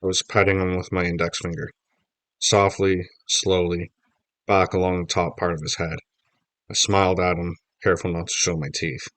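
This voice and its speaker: A man reading a children's novel aloud, telling the story lively in first person. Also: sits low, moderate pace, dry recording. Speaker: audiobook reader.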